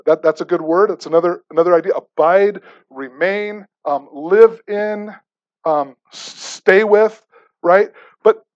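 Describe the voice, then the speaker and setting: Male pastor, high-pitched, preaches with repeated rhetorical questions and stammered restarts; dull lo-fi sound. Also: unhurried, darkish tone. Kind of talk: sermon.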